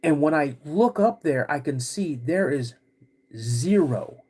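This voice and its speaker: A podcast host telling a personal story in a halting, casual way, with many restarts. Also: male voice, a little high, animated, a little mellow, breathy edge.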